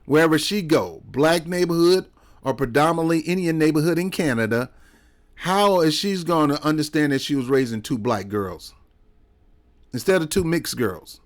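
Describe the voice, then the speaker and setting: A man's voice: on the high side, animated, moderate pace. A man giving casual political commentary in a heated, rambling way, full of sarcastic asides and repeated questions.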